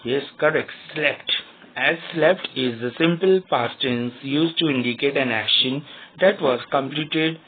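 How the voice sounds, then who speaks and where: A male teacher runs a grammar lesson for young students, spelling words out letter by letter. His mid-range voice moves at a measured pace, and the tinny, phone-like recording carries a slight hiss or hum.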